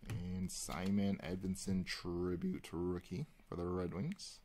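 A man hosting a live card break, calling out pulls and chatting with viewers in a relaxed, rambling way. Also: low-pitched, takes it slowly, slight background noise. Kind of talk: casual live-stream chat while opening cards.

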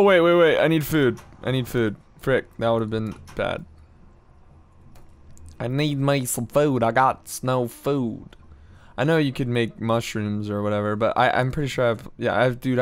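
A man's voice: mid-range voice, clear, resonant tone. A man giving casual, slangy game commentary, talking to himself and getting easily frustrated as he plays. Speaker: gameplay commentator.

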